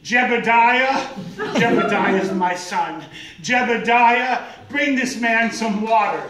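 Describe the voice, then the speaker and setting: An older man voicing a kind, plain-spoken farm woman in a bonnet, gentle and polite. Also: on the high side, animated, slow, a loud crowd. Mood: kindly. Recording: echoey room, distant, noisy.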